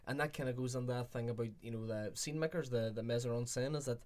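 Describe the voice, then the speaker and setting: Casting: podcast co-host, mid-pitched man, reflective, rambling delivery. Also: fairly even intonation, fast, darkish tone. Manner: rambling, reflective, self-correcting. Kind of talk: casual film chat.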